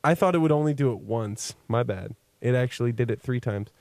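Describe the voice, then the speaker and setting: Man, show co-host, teasing, chatty, mid-pitched, dry sound. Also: darkish tone, dry recording. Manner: teasing, quick interjections. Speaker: co-host, radio-style show host. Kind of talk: casual chat.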